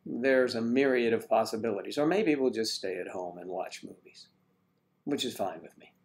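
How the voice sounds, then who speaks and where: A man's voice: lowish voice, normal speed, a little mellow. A man hosting a casual live stream, rambling and joking as he greets viewers and reads their comments aloud.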